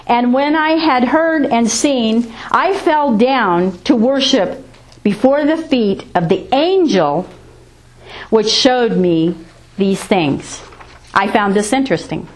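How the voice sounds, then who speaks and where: A woman preaching a sermon, reading scripture aloud and driving her points home with rising and falling emphasis. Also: a little high.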